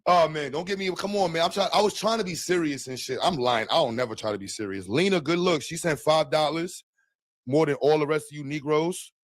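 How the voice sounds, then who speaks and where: A man's voice: on the high side, a little fast, dry recording. A man from New York with a New York accent, hosting a casual live stream with crude, rambling jokes. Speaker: streamer host.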